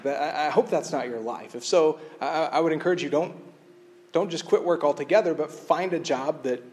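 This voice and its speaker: A male pastor delivering a sermon in a slightly raised voice. He speaks earnestly, doubling words as he restarts, and drops into quiet emphasis on key points. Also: a little high. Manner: reads scripture aloud.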